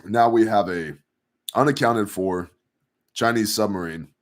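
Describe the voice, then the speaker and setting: Male commentary host, sarcastic and rambling, lower-pitched voice. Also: a little slow. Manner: sarcastic, rambling, hypothetical asides. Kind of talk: casual news commentary.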